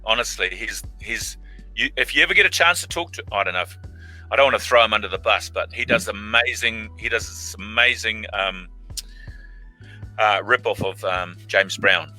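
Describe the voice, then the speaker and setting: A middle-aged man with a very bright, forceful voice sits slightly low in pitch. He spins casual anecdotes as an interview guest over a video call. He acts out other people's lines with lively jumps in voice. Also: normal speed, faint music behind, low-quality recording. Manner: animated, acts out quoted lines in big voices. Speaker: actor guest.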